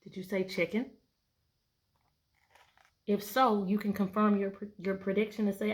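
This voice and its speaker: A woman's voice: mid-range voice, level tone, measured pace, pauses often. A woman teacher reading a picture book aloud to her class, patiently asking prediction questions between pages. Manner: bright, playful voices for story animals.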